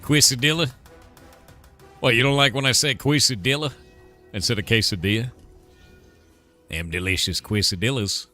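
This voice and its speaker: A man's voice: mid-range voice, expressive, a little fast, pauses often, pushed and bright. A man streaming a game, giving casual commentary and playfully teasing chat with silly mispronunciations. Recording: faint music behind.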